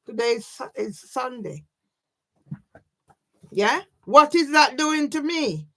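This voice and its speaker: An animated, slow, sharp-toned high voice belongs to a woman vlogging emotionally straight to her own camera. In this personal monologue she sounds agitated, overwrought and short on sleep, swearing plenty and often throwing in a questioning "yeah?"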